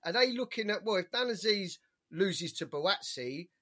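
A young man, co-hosting a casual boxing chat, animated and opinionated, rattling off fighters' names. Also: sits high, normal speed, slightly rough. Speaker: boxing podcast co-host.

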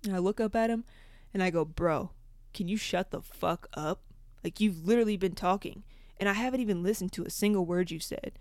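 A young woman hosting a podcast, telling a story in a casual, profane, animated way. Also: mid-range voice, quick pace, dry recording, studio quality. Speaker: podcast host.

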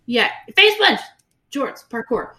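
A woman's voice: high voice, big pitch swings, slow, sharp tone. A woman co-hosting a podcast, recapping a book in casual, sarcastic chat with lots of fillers. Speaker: podcast co-host.

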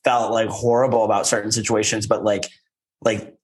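On a podcast, a male co-host with a fairly low voice recaps reality TV at a normal speed. His casual chat is animated and campy, full of playful banter.

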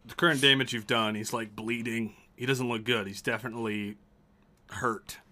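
A man's voice: mid-range voice, fairly even intonation, moderate pace, pushed and bright. A man narrating a tabletop game as game master, loose and laughing, with casual swearing.

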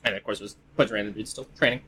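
A man's voice: lowish voice, fairly even intonation, rapid-fire, a bit bright, a little hiss or hum. A man narrating a tabletop game as game master, casual and rambling. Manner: casual, rambling, laughs easily.

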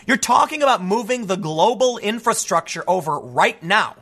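Male commentator, high bright voice, combative and emphatic rant. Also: sing-song, normal speed. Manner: emphatic, combative, casual asides like "man". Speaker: political commentator. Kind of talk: ranting commentary.

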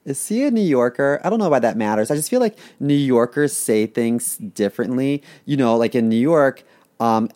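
A man's voice: medium pitch, expressive, normal speed, mellow. A young man from Baltimore co-hosting a podcast, telling crude jokes in a rambling casual chat. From Baltimore, USA. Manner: crude, joking, rambling with fillers. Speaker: podcast co-host.

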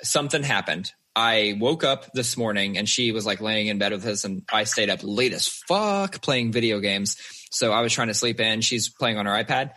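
A man, a father and podcast co-host, chatting casually and telling animated stories with plenty of swearing. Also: fairly low pitch, moderate pace. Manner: swears freely, animated storyteller. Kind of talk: casual chat.

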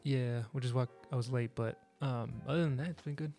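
A man telling loose, rambling stories in a relaxed chat among friends. His voice sits at an ordinary middle pitch and he laughs at his own jokes. Faint music plays underneath. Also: brisk.

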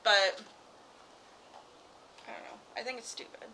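A woman's voice: fairly high pitch, fairly even intonation, a little slow, creaky, bright, forceful tone, a little hiss or hum, low-quality recording. A woman co-hosting a podcast in casual chat, with blunt, dry remarks. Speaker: podcast co-host.

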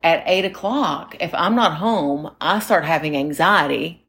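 Speaking low and unhurried, with a fairly bright tone, a woman in her forties co-hosts a podcast. She tells meandering stories in relaxed conversation and talks directly to the people listening.

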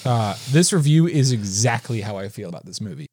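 A man's voice: medium pitch, animated, a little mellow. A man co-hosting a podcast, chatting casually and eagerly about a film he loved. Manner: enthusiastic, reads quickly. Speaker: podcast co-host. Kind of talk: casual film review chat.

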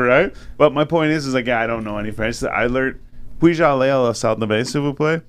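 A man's voice: medium pitch, fast talker. A man from Ontario in a casual chat, rambling through stories with lots of "like" fillers and frequent swearing. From Ontario, Canada.

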